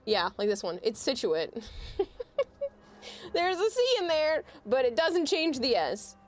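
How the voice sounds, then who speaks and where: A woman's voice: sits high, big pitch swings, slow, faint music behind. A woman, chatting casually on a livestream and explaining with amused laughs.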